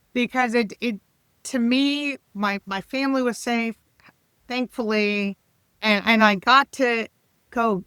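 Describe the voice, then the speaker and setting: Bright, crisp-voiced woman in her fifties. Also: fairly high pitch, dry recording. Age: 50s. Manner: chatty and animated, with laughs and restarts. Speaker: leadership coach, podcast guest. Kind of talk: casual podcast interview.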